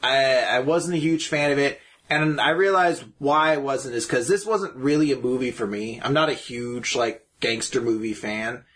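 A man's voice: mid-range voice, moderate pace, few pauses, fairly bright tone. A man co-hosting a podcast, chatting casually about a film, with many fillers and restarts. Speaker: podcast co-host. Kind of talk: casual movie chat.

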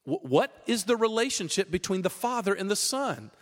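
A high-voiced male pastor delivers a lively, conversational sermon. His pitch swoops up and down as he preaches. The recording carries the long reverb of a large hall. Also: moderate pace. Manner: conversational, animated preaching with many fillers.

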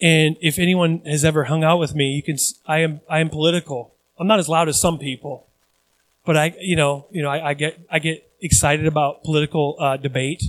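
A young man preaching a sermon as pastor, chatty at times and building to loud, emphatic stretches. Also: fairly high pitch, steady tone, a little fast, rough recording. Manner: conversational asides with restarts.

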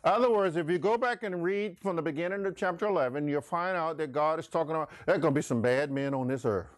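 A man's voice: on the high side, quick pace, no echo. A middle-aged man teaching a Bible class in a folksy sermon style, asking the class questions. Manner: folksy, laughs often, asks the class questions.

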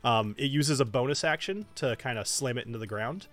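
A man's voice: mid-range voice, a little fast, a bit bright. A man narrating as game master of a tabletop game, talking with lots of fillers, restarts and laughter. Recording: music playing faintly behind.

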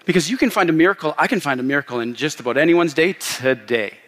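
Storytelling pastor in a reverberant church. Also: male voice, on the high side, fast talker. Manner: storytelling, animated, laughs often. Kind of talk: sermon. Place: church sanctuary. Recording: long hall reverb.

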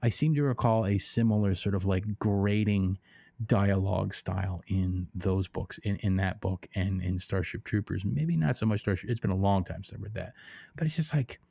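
A man's voice: low voice, normal speed, vocal fry, dark tone, no room sound, studio quality. A man co-hosting a podcast, ranting in a rambling, profane, mocking way. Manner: rambling, swears a lot, mocking. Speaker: podcast co-host. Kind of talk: casual profane chat.

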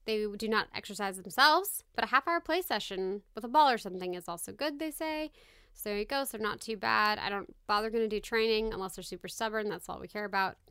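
A woman's voice: medium pitch, brisk, fairly bright tone, clean tone, no echo, clean studio sound. A woman co-hosting a casual podcast, reading notes aloud with chatty asides and laughs. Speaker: podcast co-host. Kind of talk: casual chat.

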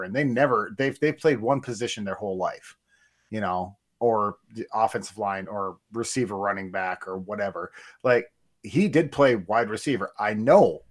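Co-host, male, from north central Wisconsin, loose storyteller who trails off and restarts. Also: fairly low pitch. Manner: rambling, self-correcting, storytelling. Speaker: sports podcast co-host. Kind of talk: casual sports chat.

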